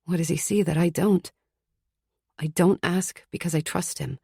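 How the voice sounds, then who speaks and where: A woman's voice: on the low side, steady tone, moderate pace, vocal fry, darkish tone, breathy edge, dry recording, clean studio sound. A woman narrating a fantasy audiobook in the first person, tense and urgent. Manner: tense, urgent inner monologue.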